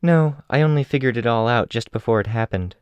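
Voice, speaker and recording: A man voicing a sly, quick-witted young woman in an audiobook, speaking in a flippant, wry way. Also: medium pitch, clear, resonant tone, no echo, lo-fi sound, pitched above the performer's own voice, natural voice.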